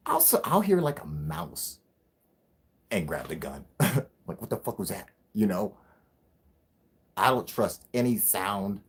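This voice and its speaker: A young man with a somewhat low, husky voice, hosting a casual livestream. He rambles and swears with a lively, swooping pitch. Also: takes it slowly, pauses often. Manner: rambling, profane, laughing often. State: high. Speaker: livestream host.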